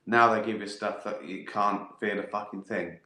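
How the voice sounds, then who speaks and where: A man's voice: fairly low pitch, steady tone, moderate pace, pushed and bright. Sweary, laughing man in an echoey room. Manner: sweary, laughs often, acts out voices in asides. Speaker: host of a live stream. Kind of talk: casual live-stream chat reading viewer questions.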